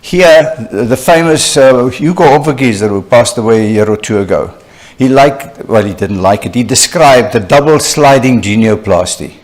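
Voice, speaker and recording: An older man lectures a room of young colleagues, telling stories in an animated, chatty way. His voice sits at an ordinary middle pitch, and he keeps turning to the audience with quick asides. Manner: conversational, animated storyteller with frequent "you know" asides. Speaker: surgeon lecturing at a conference. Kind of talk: conference lecture with anecdotes.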